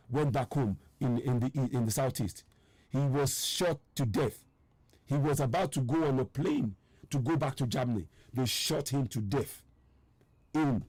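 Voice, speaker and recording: Man from nigeria, live-stream host, urgent and repetitive, strained voice, warm tone, dry close sound. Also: medium pitch, no echo. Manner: urgent, insistent, repeating his points; reads out viewer names and answers their comments. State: strained, tired voice. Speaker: online broadcast host. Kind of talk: impassioned live-stream address.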